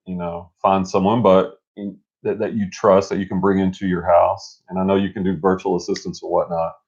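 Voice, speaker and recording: A middle-aged man co-hosting a casual live stream, energetic and motivational, rambling with restarts. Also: low-pitched, fairly quick, husky. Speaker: co-host. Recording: dull lo-fi stream audio.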